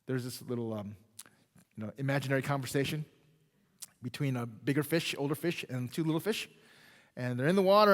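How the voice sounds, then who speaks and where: A man preaching a sermon as pastor, in a conversational style that keeps checking in with the congregation and swings between loud emphasis and quiet, drawn-out phrases. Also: medium pitch. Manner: conversational, checks in with "right?" and "okay?". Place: church sanctuary. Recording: long reverb of a church hall.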